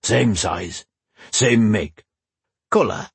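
A man's voice: fairly low pitch, drawn-out words, creaky, breathy edge, no echo, heavily acted. A male narrator voicing a grumpy, grey-haired old cobbler who talks bluntly and grumbles. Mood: gruff. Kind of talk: audiobook character voice.

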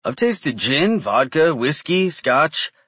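A man's voice: on the high side, big pitch swings, slow pace, a bit bright, husky, no room sound, pitched above the performer's own voice, full character voice. Earnest twenty-one-year-old witch, man reading, rambling eager delivery, dry close voice.

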